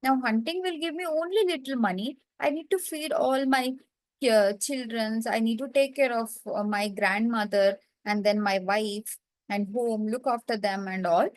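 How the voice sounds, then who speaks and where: A woman's voice: fairly high pitch, moderate pace, dry recording, lightly acted. A woman voicing a male robber and family man in a retold story. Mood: worried. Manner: plain storytelling tone, simple phrasing.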